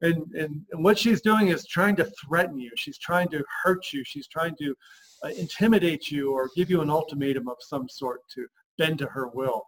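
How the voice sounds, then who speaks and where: A man coaching husbands on a podcast, emphatic and lively, acting out the lines he quotes. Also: on the high side, moderate pace, poor audio. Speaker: relationship coach.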